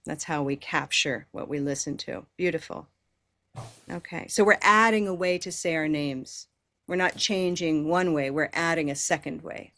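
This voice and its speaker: A woman with an American accent teaching pronunciation in an online class, modeling phrases slowly and encouraging her learners. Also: deep voice, fairly bright tone. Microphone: video call.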